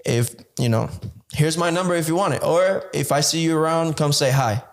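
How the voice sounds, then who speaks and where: A man's voice: fairly high pitch, moderate pace. A man co-hosting a casual podcast, giving frank advice and swearing casually. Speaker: podcast co-host.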